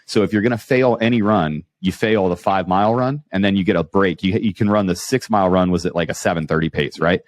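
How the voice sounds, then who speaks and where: A man hosting a podcast, telling animated anecdotes with many restarts and asking his guest questions. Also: deep voice, quick pace, hardly any pauses, no room sound. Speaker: podcast host. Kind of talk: casual storytelling interview.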